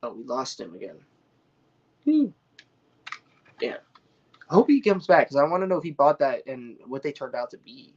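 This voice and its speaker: A man's voice: mid-range voice, sing-song, normal speed, pauses often, highs cut off. A man chatting casually on a live stream, rambling and swearing, full of slang and restarts. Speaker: cannabis grower streaming to viewers. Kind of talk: casual livestream chat.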